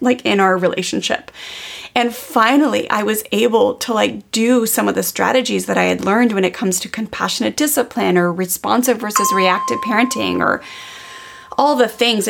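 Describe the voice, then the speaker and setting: A woman's voice: mid-range voice, gravelly. A woman in her thirties, a podcast host, telling a personal parenting story in a candid, casual way with many fillers.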